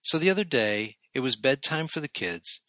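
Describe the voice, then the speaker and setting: Bright-voiced male podcast host. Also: medium pitch, expressive, moderate pace, no echo. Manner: friendly, conversational, lightly humorous. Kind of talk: scripted solo podcast monologue.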